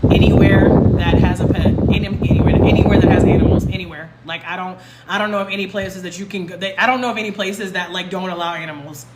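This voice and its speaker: A young woman from North Carolina, hosting a casual livestream Q&A, loud and passionate and swearing freely. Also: on the low side, steady tone, fast, hardly any pauses. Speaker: livestream host. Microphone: phone livestream. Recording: echoey room with loud background noise.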